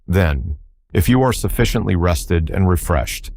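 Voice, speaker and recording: Brief: a fussy, self-important insect scholar, formal and wordy, voiced by a man with a deep voice. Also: lively intonation, measured pace, darkish tone, slight background noise. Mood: pompous. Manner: verbose, self-admiring, formal. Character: pompous learned giant male insect, fussy.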